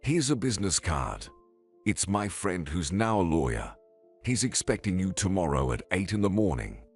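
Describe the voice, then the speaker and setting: A man's voice: low-pitched, sing-song, normal speed, husky, soft background music, exaggerated voice. A man reading the lines of an earnest, protective woman who pleads and scolds. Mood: stern.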